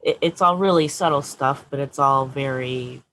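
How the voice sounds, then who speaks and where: A woman co-hosting a podcast, chatting casually in a thoughtful, measured way. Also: extremely low pitch, a bit bright, a little hiss or hum, low-quality recording. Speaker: podcast co-host. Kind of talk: casual chat.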